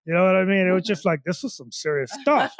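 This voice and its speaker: Guy on a comedy podcast, rambling storyteller, bit high voice, dry close sound. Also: quick pace, dry recording. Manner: rambling, animated, heavy on "you know what I mean". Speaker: podcast co-host.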